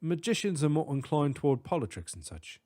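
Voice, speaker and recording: A man's voice: a little high, big pitch swings, fairly quick, dark tone, voice pushed up. A man voicing a frail, fussy middle-aged male professor with a British accent, polite and reassuring. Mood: explaining.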